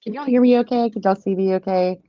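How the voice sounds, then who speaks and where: A woman's voice: mid-range voice, quick pace, a little hiss or hum. A woman in her thirties or forties hosting a live tarot stream from home, chatting casually and laughing often. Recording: dull lo-fi stream audio.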